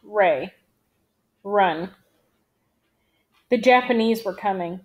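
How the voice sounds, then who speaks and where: A woman reading a novel aloud in a steady, measured storytelling manner. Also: medium pitch. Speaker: audiobook reader.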